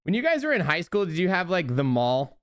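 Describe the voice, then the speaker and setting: A young man, a podcast co-host, telling an animated, laugh-prone story in casual chat. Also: high-pitched, fairly quick, smooth.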